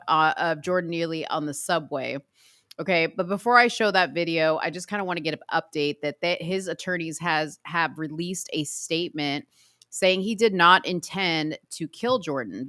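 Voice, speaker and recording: A woman co-hosting a casual reaction show, talking in an animated, opinionated and slangy way. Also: low-pitched, dry recording, clean studio sound. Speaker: co-host.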